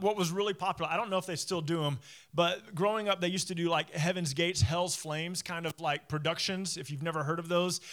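Male pastor, slightly high voice, conversational sermon, plays out the characters' lines. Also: fairly bright tone. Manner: casual storytelling, acting out quoted voices.

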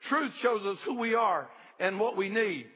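Husky high-voiced man preaching. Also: expressive, unhurried, highs cut off. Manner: emphatic, repeats key phrases, calls for amens. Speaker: pastor. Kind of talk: sermon. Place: church service.

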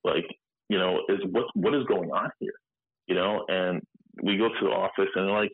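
A man in his thirties telling his story in a candid interview, halting and full of fillers, acting out the people he quotes. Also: sits low, slightly rough, no echo. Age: 30s. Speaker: guest. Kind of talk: candid interview over a phone line. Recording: tinny phone-line audio, dry.

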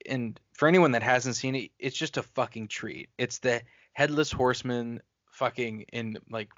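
A man's voice: medium pitch, normal speed, fairly bright tone, no echo. A man co-hosting a podcast, talking casually and bluntly about movies, swearing for emphasis. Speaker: podcast co-host. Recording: dry, dull lo-fi podcast audio.

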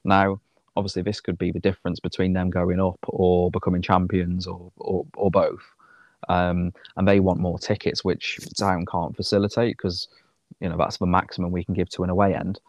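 A man chats about his football club, rambling and filling gaps with ums. His voice is low and recorded dry and close, with no room sound. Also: little pitch movement, moderate pace, a little mellow, no room sound, dull audio. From Shropshire, England. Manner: rambling, lots of ums, friendly banter. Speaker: podcast co-host. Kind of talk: casual football chat.

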